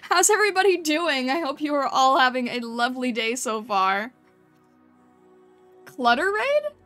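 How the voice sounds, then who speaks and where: A woman's voice: sits high, very animated, unhurried, pushed and bright, faint music behind. A woman streamer chatting casually with her chat and thinking aloud while she paints over and critiques thumbnails.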